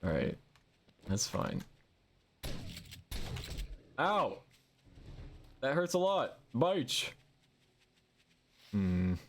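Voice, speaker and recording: An excitable male streamer talking through a survival game, playful and prone to silly sound effects. His pitch jumps all over the place as he reacts. There is a faint hiss behind him. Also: very slow, pauses often. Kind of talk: live game-stream chatter.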